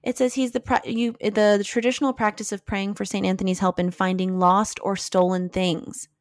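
A woman's voice: medium pitch, flat delivery, normal speed, no room sound, clean studio sound. A young woman in casual chat, eagerly retelling film scenes and acting out the characters' lines. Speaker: co-host discussing a film.

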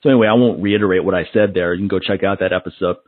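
A man hosting a podcast, chatting casually and acting out little stories with animated voices. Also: deep voice, racing, dry recording. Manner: animated storyteller who mimics others. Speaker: podcast host. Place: Las Vegas. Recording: narrow phone-like sound.

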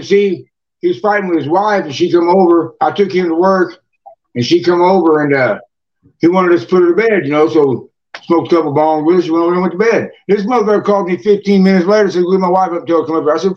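A man's voice: sits high, a little fast. A man telling rowdy stories on a podcast, rambling, profane and repeating himself. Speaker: podcast guest. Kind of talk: rowdy casual storytelling. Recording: distant, dull lo-fi mic.

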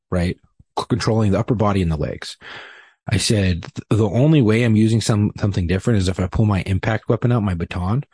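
A man with a low, husky voice tells a work story on a podcast. He swears freely and plays out both sides of the argument with rising heat. The sound is dry and close. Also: dry recording. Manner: profane, animated retelling with heated quoted exchanges. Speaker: police officer guest.

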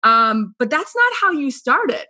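A woman's voice: high-pitched, very animated, unhurried, bright, forceful tone. A middle-aged woman from New York hosting a podcast interview, bubbly and effusive with gushing asides. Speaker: podcast host.

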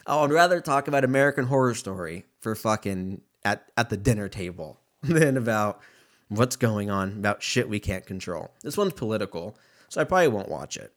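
A man's voice: on the low side, very animated, normal speed. A man rambling in a casual, profane solo monologue, laughing often and drifting between topics.

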